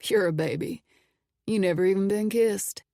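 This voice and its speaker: A woman doing a relaxed teasing young man. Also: normal speed, vocal fry, no room sound, studio quality, natural voice. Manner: relaxed, low teasing drawl.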